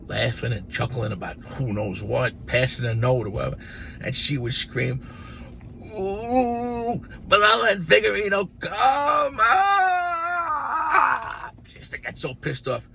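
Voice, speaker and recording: A man in his sixties casually telling childhood stories to camera in an animated, profane, rambling way. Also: on the low side, gravelly, background noise. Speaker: storyteller.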